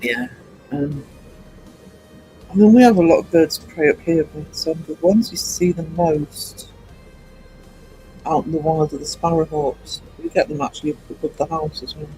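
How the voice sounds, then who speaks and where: High-voiced man chatting on stream. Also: moderate pace, pauses often, dark tone, soft background music, low-quality recording. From United Kingdom. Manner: rambling, chatty, greets chat by name, many ums. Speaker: livestream host. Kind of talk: casual live-stream chat with viewers.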